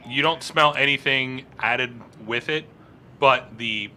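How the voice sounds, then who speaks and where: A man narrating a tabletop role-playing game as game master, describing scenes in a relaxed, halting way with many fillers. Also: mid-range voice, a little hiss or hum.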